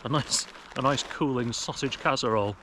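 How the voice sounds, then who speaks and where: A young British man talks casually and wryly in the open air, poking fun at himself as he rambles. His voice sits at an ordinary middle pitch, picked up by an action camera. A faint wash of woodland noise stays behind him. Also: moderate pace. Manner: wry, self-mocking, rambling jokes. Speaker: outdoor vlogger. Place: woodland outdoors.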